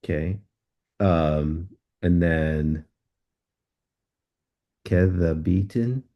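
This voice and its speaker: A man student answering in an online class, halting and unsure, pausing often. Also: deep voice, muffled recording.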